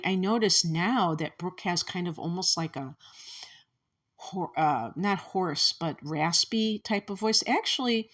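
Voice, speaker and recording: Low-voiced woman with a Chicago accent. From Chicago area, USA. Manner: meandering, musing, often restarts thoughts. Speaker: astrologer. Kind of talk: casual astrology commentary.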